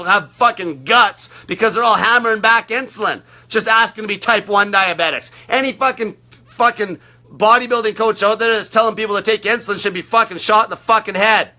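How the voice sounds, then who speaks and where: A man coaching on fasting in a blunt, aggressive monologue full of constant swearing. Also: high voice, pushed and bright. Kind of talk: profane ranting monologue.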